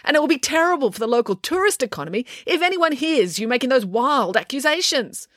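A woman's voice: high-pitched, sing-song, fast talker, fairly bright tone, no echo, clean studio sound, voice pushed up, exaggerated voice. A woman voicing a pompous, vain middle-aged woman mayor with a grand, prickly manner. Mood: haughty.

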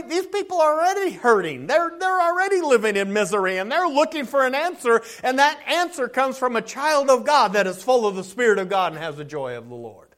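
A man's voice: extremely high pitch, fairly bright tone. A man preaching a sermon as pastor, earnest and insistent, often restarting and repeating words.

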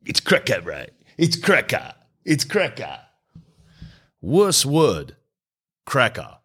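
A man's voice: medium pitch, huge pitch swings, takes it slowly, a bit bright, husky. A man hosting a podcast, rambling in slangy comic monologue and reading an ad. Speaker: podcast host. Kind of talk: comedic podcast monologue and host-read ad.

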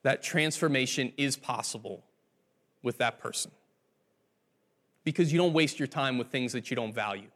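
A male pastor delivering a sermon in a relaxed, conversational storytelling way. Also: medium pitch, moderate pace, long pauses.

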